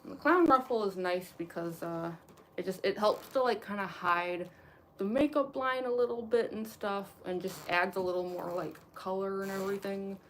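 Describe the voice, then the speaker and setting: This cosplayer livestream host has a mid-range, slightly bright voice and talks at a moderate pace over light background noise. Getting into costume, she rambles casually with plenty of fillers and restarts and frequent chuckles, and eventually speaks with a slight lisp caused by costume teeth.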